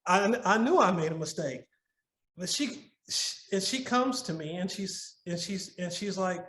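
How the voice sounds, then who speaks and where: A middle-aged man, his voice fairly high and fairly bright, talks a little slowly as a podcast guest, giving earnest, casual advice about marriage. Working through a story, he stumbles and restarts and repeats himself. The sound has a noticeable roomy echo.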